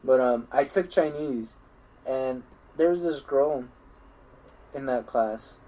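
Talking slowly in a medium-pitched voice, a young man co-hosting a casual podcast tells long, winding school-day stories. His sentences keep starting over, the swearing flows freely, and he frequently cracks up at what he's recounting.

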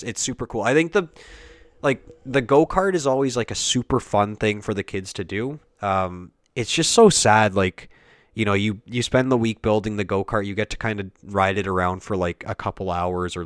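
Soft-toned young man, casual ramble. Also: fairly low pitch, dry recording. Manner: rambling, full of fillers and self-corrections. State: has the hiccups. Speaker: speaker recounting a family kids' camp.

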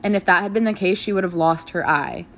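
A young woman candidly telling her own birth story in a casual, frank way, swearing freely and jumping into animated voices for the people she quotes. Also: fairly low pitch, fast talker.

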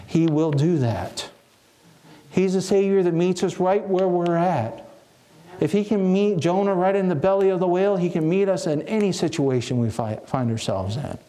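A man's voice: sits high, moderate pace, warm tone. Earnest man preaching a reflective sermon. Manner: earnest, reflective, with frequent restarts.

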